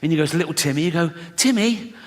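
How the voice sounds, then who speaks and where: A man's voice: on the high side, level tone, rapid-fire, darkish tone. A man performing stand-up comedy, telling crude, sardonic stories full of swearing. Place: live comedy venue on stage. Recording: live hall reverb, faint noise.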